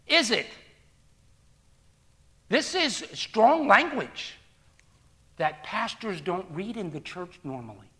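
A man's voice: high-pitched, bright, forceful tone. A man preaching a sermon, reading scripture and commenting with emphatic rhetorical questions and repetition.

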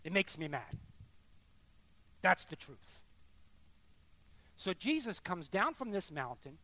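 A middle-aged male pastor preaching with a lively, wide-ranging pitch. He swings between hushed, confessional lines and loud, insistent repetition. His delivery is emphatic and direct. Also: slow. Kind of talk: sermon.

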